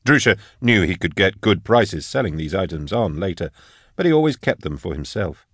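A man reading scripted audiobook narration in a measured, even storytelling manner. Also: deep voice, dry recording, clean studio sound.

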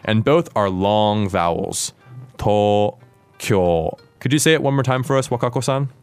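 A man hosting a podcast language lesson, explaining words clearly and asking his co-host questions. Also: mid-range voice, expressive, brisk, dry recording, soft background music.

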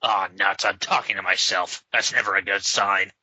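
A man doing a scornful gruff vigilante. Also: deep voice, steady tone, moderate pace, sharp tone, no echo, voice pushed down, heavily acted. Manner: curt and scornful. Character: gruff, contemptuous grown male vigilante. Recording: slightly dull lo-fi sound.

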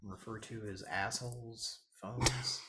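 A man's voice: mid-range voice, steady tone, unhurried, over loud music. A man hosting a live show, chatting casually with crude jokes and banter. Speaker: podcast host. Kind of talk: casual live-stream chat.

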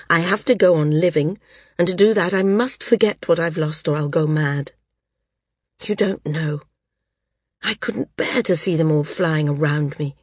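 A woman's voice: on the low side, husky, dry recording, studio quality. A woman voicing an anguished grounded woman flyer. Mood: desperate. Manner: anguished, pleading to be left alone. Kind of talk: audiobook character reading.

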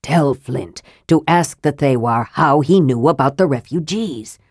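A sharp-tongued young mage who hisses his remarks caustically, as a woman reader plays him. His voice is low and sits dry and close. He sounds like a sardonic spellcaster in a storybook. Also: unhurried, no echo. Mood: caustic. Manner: hissing, caustic.

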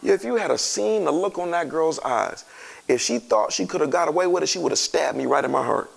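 A man preaching a sermon to a congregation, reading scripture and breaking into animated, conversational asides to the listeners. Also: on the high side, brisk, creaky.

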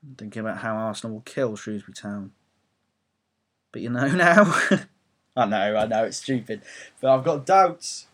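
A man's voice: fairly low pitch, normal speed, pauses often, a bit bright. Young English man, home audio blog, rambling football rant, sweary and self-deprecating. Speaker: football fan blogger.

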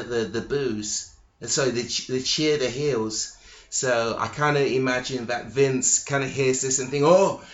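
A man hosting his own podcast, rambling slowly and haltingly with lots of ums, restarts and casual swearing. His voice sits at an ordinary middle pitch. The recording sounds dull and lo-fi, with a noticeably echoey room around him. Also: a bit bright. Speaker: podcast host. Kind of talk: solo podcast monologue.

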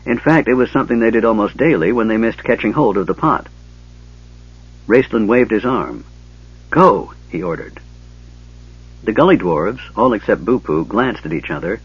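A man narrates a fantasy story in a steady, even storytelling voice. His voice is low and husky. The recording sounds dull and lo-fi. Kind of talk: scripted narration.

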